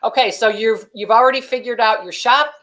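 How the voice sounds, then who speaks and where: A woman's voice: fairly high pitch, a little fast, fairly bright tone, low-quality recording. A woman, a company vice president, explaining practical steps in a business interview, chatty and advising, with many "you know" and "um" fillers. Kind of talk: conversational explainer in a business webinar.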